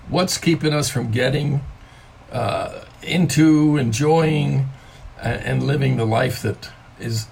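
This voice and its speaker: An older man, a grandfather, giving a conversational devotional talk from home, stressing key words by slowing down on them. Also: medium pitch, creaky, a little hiss or hum. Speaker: pastor.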